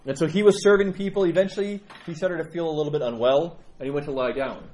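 A middle-aged man leads a storytelling lesson and retells a saint's legend in an animated way, with many fillers. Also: fairly high pitch, fast talker. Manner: animated, with frequent fillers and restarts. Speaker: religious teacher.

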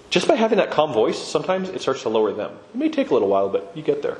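A man's voice: on the high side, wildly swooping pitch, very fast, few pauses, darkish tone, slight background noise. A man giving a conversational sermon-style talk on Orthodox Christian living, acting out quoted voices as he goes. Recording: echoey room with long reverb.

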